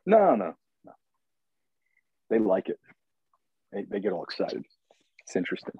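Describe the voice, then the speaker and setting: A man with a low, husky voice tells a rambling, crude story and laughs his way through it. The sound is close and dry, with no room around him. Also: very animated, normal speed, dry recording, highs cut off. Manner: rambling, crude, laughs while telling stories. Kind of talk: casual storytelling chat.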